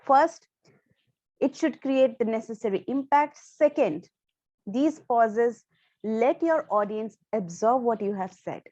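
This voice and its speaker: Woman coaching on public speaking, higher voice, punches certain words, dry kinda muffled audio. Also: animated, warm tone, no room sound. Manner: emphatic, stresses key words with deliberate pauses. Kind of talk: instructional talk to camera.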